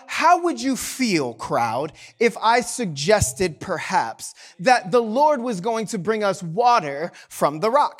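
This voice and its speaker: A man, a pastor, delivering an impassioned sermon that swings between hushed and loud passages and puts rhetorical questions to the congregation. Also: high voice.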